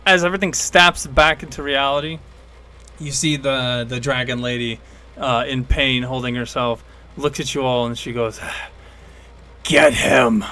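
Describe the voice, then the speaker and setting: A man narrating a tabletop game as game master in a casual, animated storytelling way. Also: mid-range voice, moderate pace, smooth.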